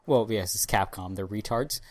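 Excitable, profane man in casual chat. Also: fairly low pitch, normal speed, no room sound. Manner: profane, excitable, mock-dramatic outbursts. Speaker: podcast co-host.

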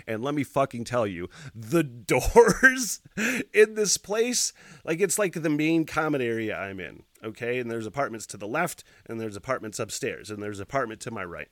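A man hosting a solo podcast, telling a rambling story with lots of swearing, laughing as he talks and shouting sound effects. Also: mid-range voice, animated, normal speed, no echo, studio quality. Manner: laughs while talking. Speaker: podcast host.

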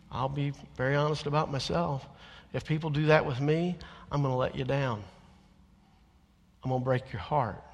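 A man preaching a sermon as a church minister, earnest, rising to loud emphatic lines and dropping to quiet confessional ones. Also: on the high side. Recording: long church reverb.

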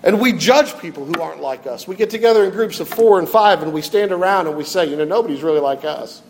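A middle-aged man preaching a sermon, telling a story and swinging between loud appeals and quiet, soft passages. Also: sits high, expressive, fast, a little hiss or hum. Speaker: pastor.

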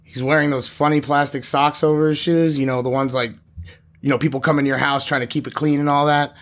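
An actor playing a halting young eyewitness. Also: male voice, on the high side, flat delivery, a bit bright, natural voice. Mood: rattled. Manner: halting, casual, many fillers. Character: young male aspiring chef, shaken neighbor.

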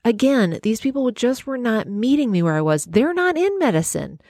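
A woman's voice: on the high side, expressive, moderate pace, a little mellow, no room sound. Emphatic woman podcaster in a dry booth. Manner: emphatic, heartfelt, conversational. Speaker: podcast host and healthcare worker. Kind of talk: solo podcast monologue.

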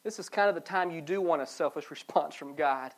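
Delivering a sermon at a fairly quick clip, the pastor alternates between loud, pleading stretches and quiet, low ones, repeating phrases for emphasis.

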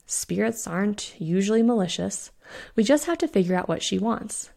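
A woman voicing a calm young woman vampire in a story, who speaks in a matter-of-fact way. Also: mid-range voice, normal speed, vocal fry.

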